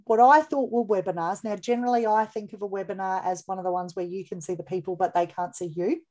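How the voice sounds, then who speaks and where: A woman's voice: mid-range voice, steady tone, fast talker, a little mellow. A woman co-hosting a podcast, chatty and upbeat as she gives business tips. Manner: chatty and upbeat, laughs easily. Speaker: podcast co-host. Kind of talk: casual podcast chat giving business tips.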